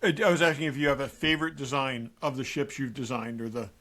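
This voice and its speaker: A man's voice: medium pitch, fairly even intonation, fast talker, pushed and bright. A man co-hosting a casual podcast, asking questions in a joking, conversational way. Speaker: podcast co-host.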